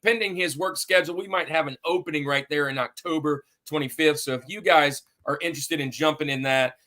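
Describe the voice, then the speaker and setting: A man's voice: on the high side, fairly quick, pushed and bright. A man hosting a sports podcast in an upbeat, hype-building, somewhat rambling way. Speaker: podcast host.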